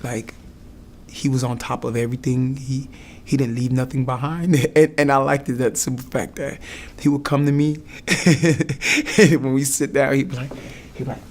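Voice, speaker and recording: A man's voice: mid-range voice, steady tone. Earnest young man telling his story. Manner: earnest, halting with restarts, acts out quotes. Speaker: client giving a testimonial. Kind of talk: emotional personal testimonial.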